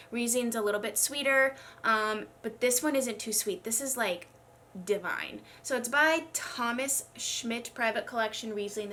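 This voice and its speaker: A woman's voice: fairly high pitch, bright, forceful tone, a little hiss or hum. A young woman chatting casually while doing her makeup, sounding congested and struggling a little to speak, rambling and poking fun at herself. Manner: chatty, self-deprecating, rambling. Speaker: beauty vlogger. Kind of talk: casual get-ready-with-me chat.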